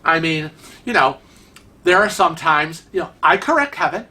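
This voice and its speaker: Bright-toned chatty man from Rochester. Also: fairly high pitch, lively intonation, moderate pace. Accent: Rochester, New York. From Rochester, New York. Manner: chatty, digressive, teasing. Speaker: vlog host. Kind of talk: casual vlog commentary.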